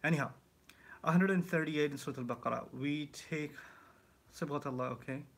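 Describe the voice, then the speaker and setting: A man teaching the Quran in a live question-and-answer session, explaining with lively asides and rhetorical questions. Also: on the high side, brisk, gravelly, slightly rough. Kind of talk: live Q&A lesson.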